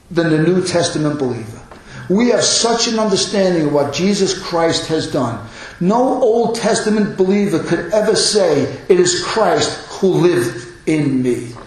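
A man's voice: sits high, lively intonation, a little slow, a little mellow. Earnest fifty-something man preaching, echoey. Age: 50s. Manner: earnest, emphatic, repeats phrases for effect. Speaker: pastor. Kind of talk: sermon. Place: church hall. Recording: very echoey room.

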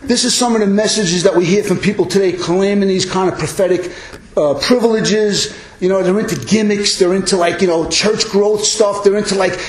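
Earnest high-voiced male pastor preaching. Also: a little fast, roomy sound, a little hiss or hum, rough recording. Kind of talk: sermon.

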